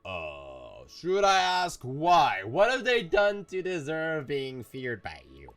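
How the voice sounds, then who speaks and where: A man's voice: on the high side, huge pitch swings, slow, a bit bright. A young gamer talking through a fantasy game, rambling, playful and often stopping to fix his words. His voice rises and falls a lot. Faint game music plays underneath. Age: young adult. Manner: rambling, self-correcting, playful. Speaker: gaming YouTuber. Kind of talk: let's play commentary.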